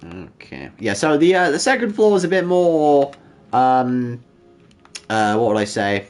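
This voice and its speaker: A man's voice: medium pitch, very animated, unhurried, darkish tone, faint music behind. Joking male livestreamer, casual banter. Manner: joking banter with chat, rambling restarts. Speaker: livestream host.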